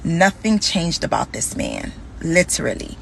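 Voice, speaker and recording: A young woman telling a candid personal story in a conversational, animated way, acting out the dialogue as she goes. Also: lowish voice, unhurried, creaky, slight background noise.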